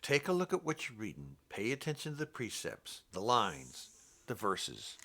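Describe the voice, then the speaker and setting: A man's voice: fairly low pitch, wildly swooping pitch, normal speed, a bit bright. An older man giving an informal, rambling Bible teaching in a blunt, scolding way. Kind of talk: informal preaching monologue.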